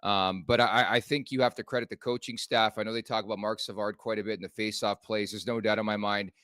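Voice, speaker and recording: A man co-hosting a hockey podcast, recapping the game in an analytical, measured way with "uh" fillers. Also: lowish voice, fairly even intonation, a bit bright, clear, resonant tone, dry recording. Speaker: co-host.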